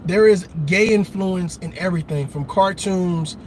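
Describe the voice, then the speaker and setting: A man's voice: high-pitched, measured pace, a little mellow, a little hiss or hum. A man hosting a show, delivering an emphatic commentary monologue, repeating his points and calling out to his listeners. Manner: emphatic, repetitive, calls out to listeners. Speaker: show host.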